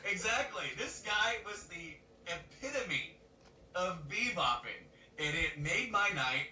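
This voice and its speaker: A man co-hosting a podcast, telling a story in casual chat, animated and laughing as he acts out other people's lines. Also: high-pitched, slow pace. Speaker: podcast co-host. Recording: roomy webcam mic from a distance, faint noise.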